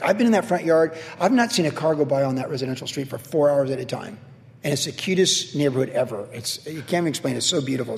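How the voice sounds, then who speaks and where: A man's voice: on the high side, creaky, in a large hall. A middle-aged man preaching a sermon as a pastor, telling a personal story in a casual, self-deprecating way.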